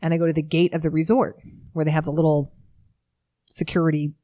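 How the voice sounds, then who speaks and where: Low-voiced woman telling quick, lively stories. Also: no echo, clean studio sound. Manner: lively storyteller, quick and self-mocking. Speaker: guest, startup founder. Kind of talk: casual interview chat.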